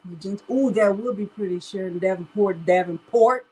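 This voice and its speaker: A crafting livestream host talks a little fast in a mid-range, slightly mellow and slightly rough voice, and the audio is poor. She chats casually through the tutorial, often laughing and addressing her audience directly as "y'all".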